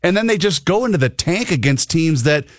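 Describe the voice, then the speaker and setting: A man's voice: on the high side, animated, fairly quick, dry recording, clean studio sound. Argumentative man on sports radio. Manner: argumentative, pushes a point. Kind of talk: casual sports radio chat.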